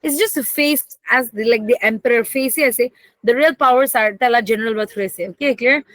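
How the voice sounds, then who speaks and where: A young woman giving a history lecture to a class, mixing languages and often asking "okay, clear?". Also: on the high side, brisk, no echo. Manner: code-switching, asks "okay, clear?" often. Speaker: history teacher.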